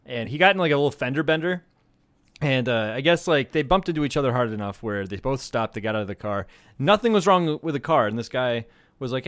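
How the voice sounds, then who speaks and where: A man co-hosting a podcast, telling a story in a rambling, profane, animated way. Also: medium pitch, brisk, no echo. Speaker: podcast co-host. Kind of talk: casual storytelling chat.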